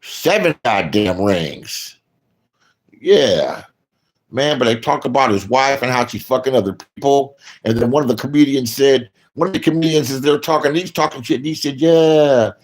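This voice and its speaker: This streamer talks in an animated way at a moderate pace, ranting casually as he comments. His language is blunt and full of swearing, and his volume swings between low grumbling and sudden loud bursts.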